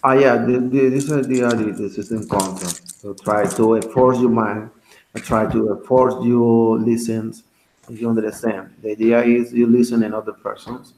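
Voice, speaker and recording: A man's voice: medium pitch, steady tone, darkish tone, a little hiss or hum. Spanish-speaking guy teaching english over a call, lots of restarts, echoey room. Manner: halting, self-correcting English with many restarts. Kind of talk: online conversation class. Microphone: video call. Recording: roomy echo.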